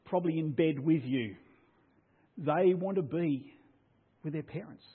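Pastor, husky voice, loud then hushed. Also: male voice, fairly high pitch, measured pace. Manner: swings from loud declaring to hushed near-whisper. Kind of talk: sermon. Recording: tinny phone-like sound.

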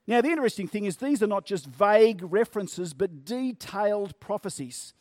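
High-voiced man preaching in measured tones. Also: big pitch swings, a little mellow, no room sound, clean studio sound. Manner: measured, stretching key words for emphasis. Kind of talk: sermon.

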